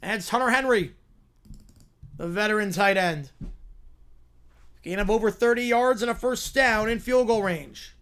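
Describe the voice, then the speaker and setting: A man's voice: high voice, smooth. A man hosting a live stream, calling football play-by-play and answering viewer questions between plays. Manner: rises and slows into excited calls on big plays, drops to quiet asides answering chat.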